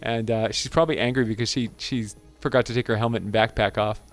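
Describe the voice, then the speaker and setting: A man's voice: mid-range voice, fairly even intonation, quick pace, soft background music. A man hosting a gaming channel, giving casual gameplay commentary in an amused, chatty way and laughing often.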